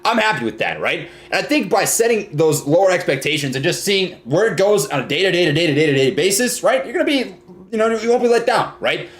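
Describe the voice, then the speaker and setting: A man's voice: high voice, big pitch swings, fast. A young man from Minnesota hosting a casual live stream, reading viewer comments and often ending lines with "right?" and "man".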